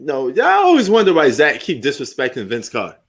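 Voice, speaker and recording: A middle-aged man hosting a live sports stream, talking loosely and with lots of profanity as he reminisces and jokes about old highlights. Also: wildly swooping pitch, fairly quick. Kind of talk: casual live commentary.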